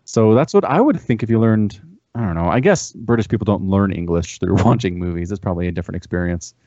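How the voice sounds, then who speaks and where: A man hosts a casual podcast with a lively, swinging pitch and wry asides. The sound is dull and dry, with a lo-fi edge. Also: fast talker, no echo. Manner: animated, laughs often, wry asides.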